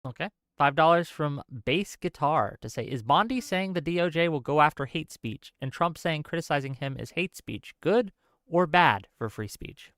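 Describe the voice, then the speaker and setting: A man's voice: a little high, lively intonation, fairly bright tone, no room sound, clean studio sound. A man hosting a live stream, asking the panel questions and reading out paid messages. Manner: reads paid messages aloud in a brisk run. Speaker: stream host reading donations. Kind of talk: casual live-stream chat.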